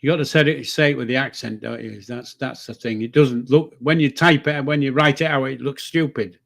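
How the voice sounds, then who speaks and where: An older man with a Yorkshire accent, speaking at an ordinary mid pitch. He chats casually and teases his co-host with dry banter. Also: steady tone, creaky, fairly bright tone. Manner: teasing, quick to laugh, chiming in. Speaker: podcast co-host. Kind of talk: casual chat.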